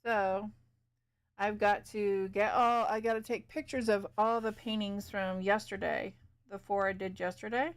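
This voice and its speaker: Chatty woman streamer, smooth voice. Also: medium pitch, fairly even intonation, unhurried. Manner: chatty, talks to chat while working. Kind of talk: casual livestream chat while painting.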